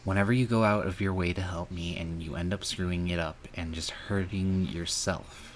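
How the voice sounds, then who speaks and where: A man's voice: sits low, fairly even intonation, normal speed, a little hiss or hum. A man streaming and reading a visual novel aloud, earnest and emotional, with some angry outbursts.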